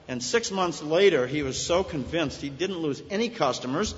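A man's voice: medium pitch, lively intonation, normal speed. A male pastor preaching an earnest, storytelling sermon in a church, rising to emphatic peaks. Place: church sanctuary. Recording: echoey hall, dull sound.

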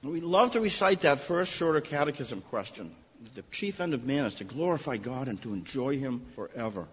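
Husky preacher in a reverberant hall. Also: male voice, medium pitch, expressive, fairly quick. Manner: earnest, emphatic preaching with rising stresses. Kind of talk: sermon. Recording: long reverb, muffled lo-fi sound.

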